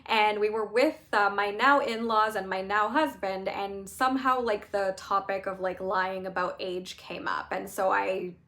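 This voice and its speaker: A woman's voice: medium pitch, fairly even intonation, a little slow, few pauses, a bit bright. A woman in her thirties, a life coach, telling a personal story in a candid, chatty way with lots of filler words and wry laughs. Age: 30s. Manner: wry, laughs through painful memories. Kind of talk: casual storytelling monologue.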